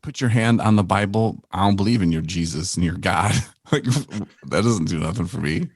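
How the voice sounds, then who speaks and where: A man's voice: deep voice, moderate pace, breathy edge, no echo, studio quality. A man co-hosting a podcast in casual banter, joking and riffing on absurd scenarios. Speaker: podcast co-host.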